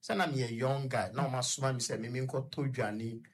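A man with a Ghanaian accent talks as a guest in a radio studio. His voice is husky and breathy. He tells his own story haltingly, stopping and restarting often and hunting for words. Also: medium pitch, fairly even intonation. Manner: halting, rambling, many fillers and restarts. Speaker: guest recounting his experience. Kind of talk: personal story on a radio talk show, code-switching.

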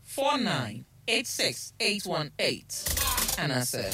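Woman radio host, slightly low voice with a lot of swing in pitch, music playing under her on the broadcast. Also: takes it slowly. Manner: lively, sing-song, reads out phone numbers. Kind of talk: call-in radio chat and ads.

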